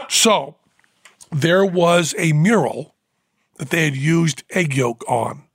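A man hosting a podcast, telling a rambling story with fillers and quick laughs. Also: on the high side, expressive, fairly bright tone, breathy edge, dry recording. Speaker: podcast host. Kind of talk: casual storytelling. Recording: dry close studio mic.

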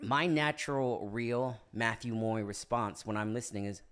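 A man's voice: normal speed, clean tone. A man in his thirties, a podcast guest and actor, chatting casually and animatedly and laughing often. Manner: animated, jumps into high-pitched silly impression voices, laughs often. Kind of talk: casual chat.

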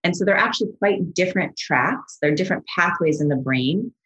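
A middle-aged woman psychologist talks as a podcast guest. Her voice sits a little low, and she explains gently and with enthusiasm. She often slips into soft, soothing quoted voices. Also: animated, fairly quick, low-quality recording. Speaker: psychologist and mindfulness expert, guest.

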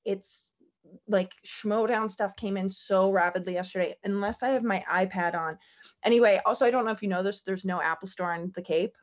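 A woman's voice: medium pitch, fairly quick. A woman guest on a talk show, telling a rambling story with frequent laughs in casual chat. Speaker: guest co-host.

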